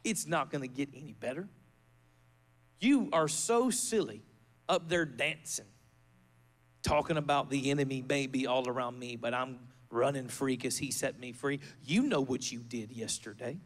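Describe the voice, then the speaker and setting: A male pastor delivering a fervent sermon in a church, building to rousing shouts and leading the congregation in prayer. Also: medium pitch, moderate pace.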